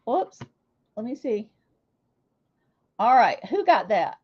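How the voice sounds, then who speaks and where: A woman's voice: a little high, very animated, slow, muffled recording. A woman hosting a casual livestream, chatting with viewers and calling out their names with a chatty, self-deprecating manner. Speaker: livestream host.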